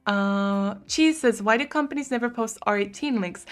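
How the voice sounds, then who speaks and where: A young American woman with a highish, clean voice live-streams from home at a normal pace over soft background music. She chats casually, answers viewer comments with lots of "like" fillers, and coos softly to her cat now and then.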